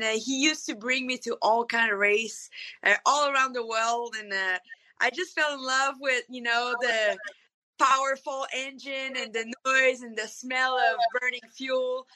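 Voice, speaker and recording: A woman with a French accent answers interview questions, pausing often with fillers. Her voice is very high and sharply bright. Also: fairly even intonation, poor audio. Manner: hesitant, many fillers. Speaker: guest, monster truck driver. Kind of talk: casual radio interview.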